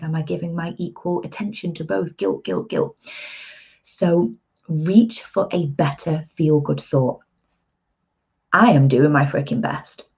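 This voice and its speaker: A woman in her thirties, an empowerment coach, speaks earnestly and chattily to her viewers in a casual motivational talk. Her voice is low, mellow and husky, and the recording sounds dull and lo-fi.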